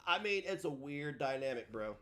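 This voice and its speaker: A man hosting a livestream, ranting in a combative, profane way, his delivery swinging between loud and soft. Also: a little high, animated, moderate pace, heavy background noise. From United States. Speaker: livestream host.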